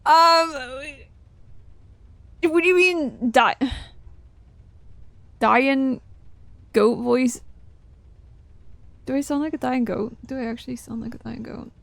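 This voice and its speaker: A woman's voice: high-pitched, takes it slowly, vocal fry, long pauses, fairly bright tone, dry recording. A young woman live-streaming a game from her desk at home, chatting casually with lots of swearing and laughing asides.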